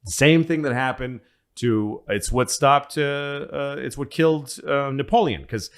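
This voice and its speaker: A man's voice: mid-range voice, measured pace. A man co-hosting a comedy podcast, telling a rambling history story in casual chat, swearing freely as he goes. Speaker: podcast co-host.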